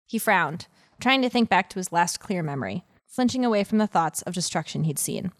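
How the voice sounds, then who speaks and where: A woman's voice: on the low side, lively intonation, brisk, no echo, clean studio sound. Giggly woman reading a story aloud. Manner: giggly, chatty, breaks off to laugh. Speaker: podcast host reading fan fiction aloud. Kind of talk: reading aloud with casual chat asides.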